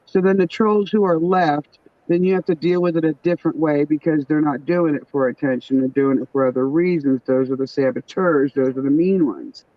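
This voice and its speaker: Speaking a little fast in a low voice with fairly even intonation, this middle-aged New York-accented woman hosts a livestream. She chats casually and bluntly with family, laughing and swearing a lot, in a dull, muffled recording with no echo.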